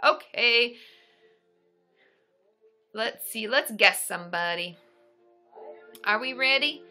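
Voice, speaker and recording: Bright bubbly woman hosting a livestream. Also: on the high side, lively intonation, moderate pace, pauses often, faint music behind. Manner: chatty, bubbly, answers viewer questions. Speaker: therapist and livestream host. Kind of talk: casual livestream chat.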